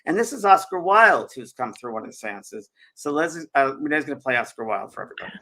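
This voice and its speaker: A man hosting a show, telling an animated personal story in casual chat. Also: mid-range voice, fast, vocal fry. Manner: animated, repeats and restarts often. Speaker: host.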